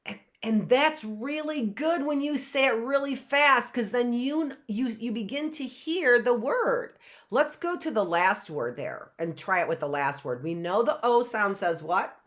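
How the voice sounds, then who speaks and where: A woman's voice: fairly high pitch, animated. A woman teaching a live phonics lesson, sounding out letters and answering her own questions, often asking "right?". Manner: asks the class and answers herself, sounding out letters; drawn-out, repeated sounds and frequent "right?".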